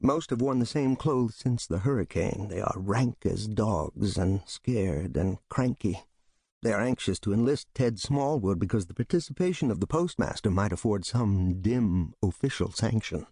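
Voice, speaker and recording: Husky low man reading a novel. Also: no room sound, studio quality. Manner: measured, steady storytelling delivery. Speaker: audiobook reader. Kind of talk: scripted literary narration.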